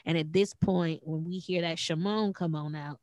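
A woman's voice: low-pitched, steady tone, moderate pace, darkish tone, dry recording, clean studio sound. A woman co-hosting a casual podcast, explaining history and speaking bluntly. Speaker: podcast co-host. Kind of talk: casual chat.

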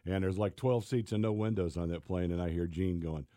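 A man's voice: low-pitched, brisk, mellow, no room sound, studio quality. A man co-hosting a casual sports radio show, jumping in with short remarks. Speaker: radio co-host.

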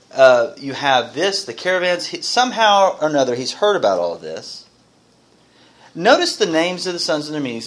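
A man's voice: mid-range voice, a bit bright, poor audio. A man teaching a Bible study class, asking his group questions and reading verses aloud.

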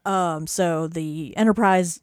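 A woman's voice: lowish voice, takes it slowly, clean tone, no echo. Woman, podcast co-host, casual episode recap, swears and acts out lines, dry close sound. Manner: animated, laughing, swearing, acting out scenes.

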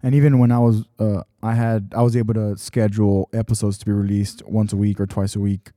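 A man talks alone into his podcast mic in a loose, rambling way, circling back and correcting himself as he goes. His voice is very dark and mellow and sits low. The sound is dry and close. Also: level tone, fairly quick, no echo. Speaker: podcast host. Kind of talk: casual solo podcast talk.

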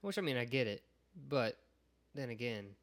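A man's voice: mid-range voice, very animated, moderate pace, fairly bright tone. A man co-hosting a podcast in casual chat, easygoing and hesitant, with many fillers, recorded in a podcast studio. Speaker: podcast co-host.

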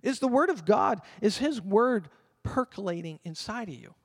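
An older man, a pastor, delivering an animated sermon that drops at times to a murmured prayer. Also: high-pitched, moderate pace. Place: church hall. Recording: long reverb of a church hall.

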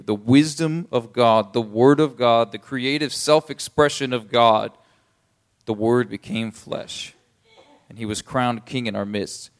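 Male preacher, mid-range voice, casual conversational sermon with emphatic peaks. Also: mid-range voice. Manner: conversational preaching, rising emphatic on key lines. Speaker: pastor.

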